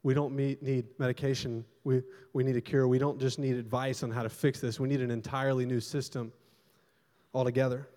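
A young adult man preaching a sermon as pastor, telling stories animatedly and swinging between loud bursts and hushed, quiet stretches. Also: medium pitch, flat delivery, fairly quick. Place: church hall. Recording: long hall reverb.

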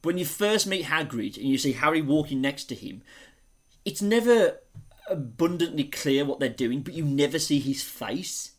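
A man's voice: a little high, expressive, normal speed. A man co-hosting a casual chat, talking with gushing enthusiasm. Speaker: podcast co-host.

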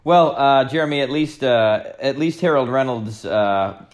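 A man's voice: medium pitch, a little slow. A man co-hosting a podcast, talking casually with hesitant restarts and stammers. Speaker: podcast co-host. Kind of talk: casual chat.

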